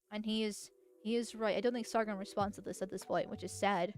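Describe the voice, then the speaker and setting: A woman streamer giving casual commentary on posts, thinking out loud and restarting her sentences often. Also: mid-range voice, steady tone, a little fast. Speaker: political streamer.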